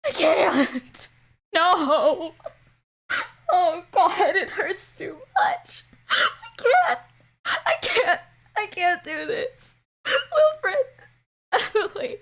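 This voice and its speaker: A woman voicing a grief-stricken father who sobs and pleads over his dead son, his voice high and cracking. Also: sing-song, extremely slow, long pauses, a bit bright, full character voice. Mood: anguished. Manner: sobbing, pleading, breaking into cries.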